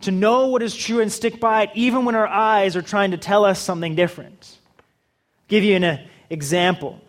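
A man's voice: sits high, steady tone, moderate pace. A man preaching a sermon in a humorous, conversational way, acting out little dialogues with the audience. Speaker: pastor.

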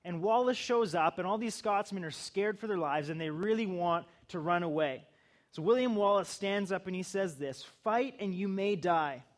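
A man's voice: sits high, moderate pace. A middle-aged male pastor giving a conversational sermon, building to emphatic bursts.

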